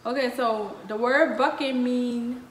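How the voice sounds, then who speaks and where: High-voiced young New Orleans woman. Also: fairly even intonation, slow. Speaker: co-host. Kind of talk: casual chat explaining slang. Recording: echoey room with faint noise.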